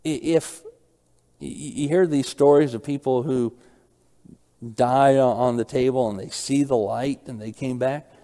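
A man's voice: mid-range voice, steady tone, a little slow, dark tone, in a large hall. A man preaching a Bible study sermon. He asks his listeners questions, repeats key phrases and reads verses aloud.

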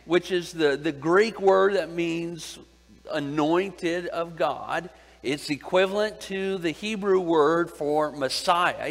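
A man teaching a Bible sermon, pausing often to ask his listeners questions and repeating his key points. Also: high-pitched. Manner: deliberate, asks the audience questions and repeats key phrases. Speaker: preacher. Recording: long hall reverb.

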